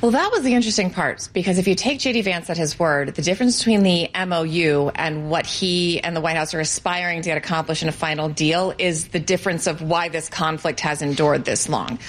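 Woman correspondent, low-pitched, fluent and wry, live news analysis.

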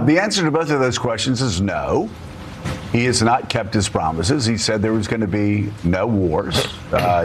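A man's voice: on the low side, a little hiss or hum. A man hosting a political talk show, emphatic and heated, repeating words as he builds a point. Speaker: host.

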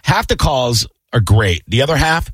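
A middle-aged man hosting a radio show in casual banter, animated, jokey and swearing freely. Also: mid-range voice, normal speed, slightly rough, dry recording, studio quality.

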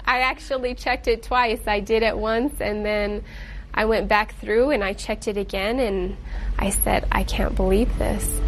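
A woman's voice: mid-range voice, steady tone, measured pace, a little hiss or hum. A woman forensic criminalist speaking plainly in an interview.

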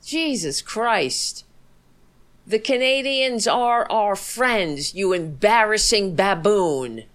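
A middle-aged woman hosting a commentary stream, full of scorn and sarcasm. Her speech is unhurried, and her pitch swings widely as she hurls insults. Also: expressive. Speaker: livestream host. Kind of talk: angry political commentary.

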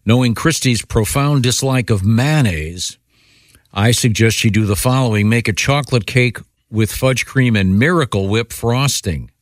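A man co-hosting a radio show, chatting casually and reading listener letters aloud with halting restarts. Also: mid-range voice, dry recording, studio quality. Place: radio studio.

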